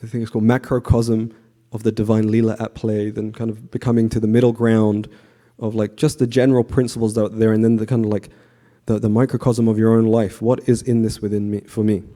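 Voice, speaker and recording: A man giving a conversational devotional class to a temple audience, often asking the audience questions and pausing with fillers. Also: lowish voice. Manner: frequent fillers and restarts, relaxed.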